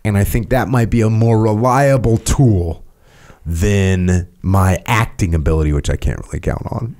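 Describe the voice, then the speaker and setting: Male podcast guest, low voice, lively storyteller, acts out quotes. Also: normal speed. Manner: animated, acts out quotes loudly. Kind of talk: casual storytelling chat.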